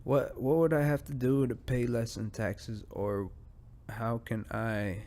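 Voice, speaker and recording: This man's mid-range voice is slow, mellow, and fairly even in intonation as he chats alone on his podcast. He rants in profane, rambling bursts, losing focus and drifting off partway through thoughts.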